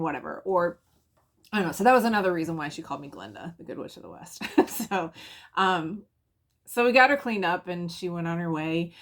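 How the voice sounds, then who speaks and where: A woman's voice: mid-range voice, fairly bright tone. A woman who founded a charity for single mothers, telling a personal story in a casual, conversational way with frequent fillers and restarts.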